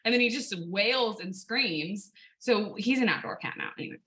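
A young woman from California, chatting casually and telling an animated story, swearing and laughing often. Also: medium pitch, moderate pace, low-quality recording. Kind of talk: casual chat.

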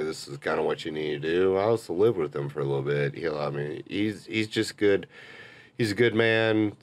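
A man's voice: extremely low pitch, creaky. A young man, a bar manager, chatting casually as a podcast guest in a rambling, laid-back way and swearing freely.

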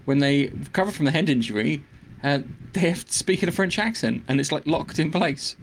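A man's voice: a little high, lively intonation, fairly quick. A man co-hosting a podcast, ranting in casual chat with stammered restarts. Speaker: podcast co-host. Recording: faint background noise.

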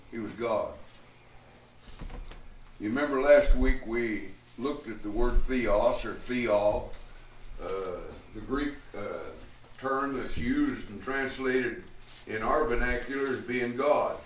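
A man preaching an expository Bible lesson, slow and deliberate, with frequent pauses and fillers. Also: medium pitch, a bit bright, a little hiss or hum. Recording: echoey room picked up from a distance.

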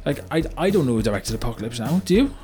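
A male actor voices a blunt older car yard owner from Britain, rueful and full of regret, rambling through a story with plenty of "you know" and "right?" for a mock-documentary comedy monologue. The delivery is sing-song, rapid-fire and warm in a mid-range, near-everyday voice, with soft background music.

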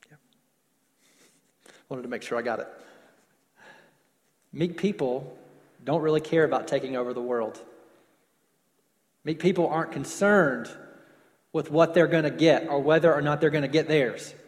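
A man preaching a sermon, stretching words for emphasis and dropping to softer closing lines. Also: a little high, big-room sound. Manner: preaching with slowed emphasis and falling soft endings. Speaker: pastor.

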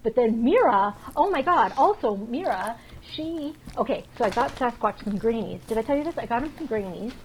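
A woman co-hosting a podcast, chatting casually and telling rapid, animated stories full of swearing. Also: fairly high pitch, a little hiss or hum, poor audio. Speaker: podcast co-host. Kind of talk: casual chat.

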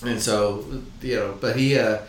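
A man telling a casual story on a podcast, often pausing and searching for words. His voice sounds far from the mic. Strong echo fills the room around him. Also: on the low side, steady tone. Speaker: podcast co-host. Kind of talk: casual chat. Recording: very echoey room, distant mic.

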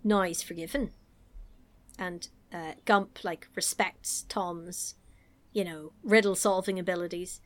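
A woman's voice: fairly low pitch, fairly even intonation, unhurried. A woman, chatting casually on a podcast as she recaps a film, giggling and acting out lines. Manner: chatty, giggly, acts out lines in silly voices. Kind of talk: casual chat.

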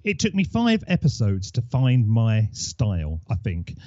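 A man's voice: lowish voice, huge pitch swings, measured pace, darkish tone, no room sound, highs cut off. Man in his forties, rambling. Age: 40s. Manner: rambling storyteller. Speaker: podcaster, guest. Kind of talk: casual interview chat.

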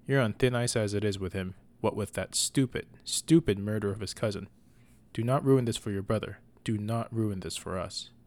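A man voicing a stern, furious mother who scolds and shouts at her son in a storybook reading. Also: lowish voice, normal speed, natural voice. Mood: scolding.

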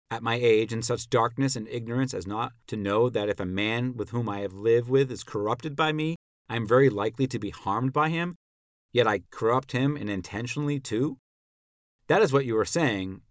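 In clean studio sound with no echo, a male podcast narrator reads a classical dialogue dramatically at normal speed. His natural, medium-pitched voice plays an elderly philosopher on trial, probing and ironic, questioning his accuser in a rhetorical, pointed, indignant way.

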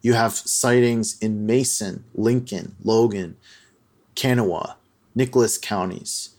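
A man with a fairly low voice hosts a podcast and retells a story to a co-host. His delivery is casual and loose, with filler words and restarts sprinkled through his sentences. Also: slow pace, a little mellow. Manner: loose and chatty, many fillers like "like".

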